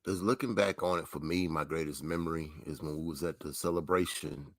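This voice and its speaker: A man's voice: extremely low pitch, steady tone, a little fast, no room sound. A man co-hosting a sports podcast, telling stories with enthusiasm. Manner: enthusiastic storyteller. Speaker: podcast co-host. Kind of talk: casual sports talk.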